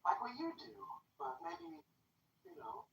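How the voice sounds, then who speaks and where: A middle-aged guest in a casual chat, telling excitable, rambling stories. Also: mid-range voice, a little slow, vocal fry. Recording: roomy, distant and dull.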